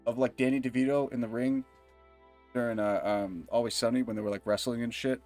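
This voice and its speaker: A man's voice: medium pitch, steady tone, brisk, darkish tone, faint music behind. A young man livestreaming a game, telling rambling, profane stories and laughing often. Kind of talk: casual chat while gaming.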